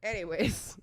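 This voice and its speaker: A woman hosting a podcast, talking about sex with brash, crude jokes and an unfiltered manner. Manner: brash, crude, jokey, mimics voices in quotes. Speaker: podcast host. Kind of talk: unfiltered comedic sex talk.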